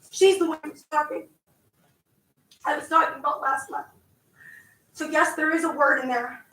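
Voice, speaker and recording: Woman, art teacher at public comment, high and bright, insistent, echoey far sound. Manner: passionate, insistent, repeats herself. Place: school board meeting room.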